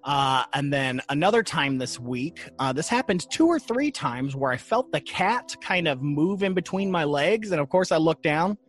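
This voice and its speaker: A man hosting a paranormal podcast in casual chat, animated and laughing often. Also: a little high, normal speed, few pauses. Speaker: podcast host.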